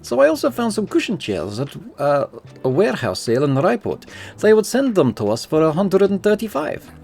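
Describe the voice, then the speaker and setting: A man reading a game's theatre organizer in a higher, excited voice, talking fast about plans. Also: vocal fry, heavily acted. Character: enthusiastic young theatre organizer.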